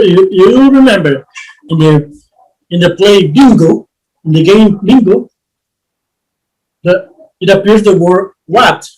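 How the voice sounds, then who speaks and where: A man teaching an English lesson, reading drill sentences slowly and reassuring his students with many restarts. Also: high voice, a little mellow, poor audio. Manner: reassuring, repeats himself with restarts.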